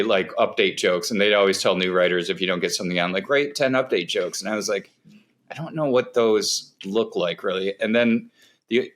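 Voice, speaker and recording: A man's voice: on the low side, a bit bright. A man guesting on a comedy podcast, telling rambling, self-deprecating stories about writing jokes in casual chat. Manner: rambling, self-deprecating storytelling with many restarts.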